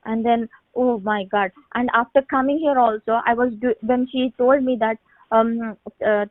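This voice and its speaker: A woman around thirty giving a halting personal faith testimony on a phone call, with many restarts and repeated words. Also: a little high, no echo. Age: late 20s to 30. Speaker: testimony speaker on a prayer line. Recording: tinny phone line, dry.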